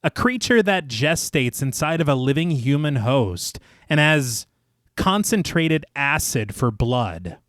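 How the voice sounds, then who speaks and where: Animated man recapping a horror film. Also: slow pace, dry recording, clean studio sound. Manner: dramatic storytelling, reads movie quotes in a lowered voice, laughs at his own jokes. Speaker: podcast co-host. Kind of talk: scripted film recap narration with casual asides.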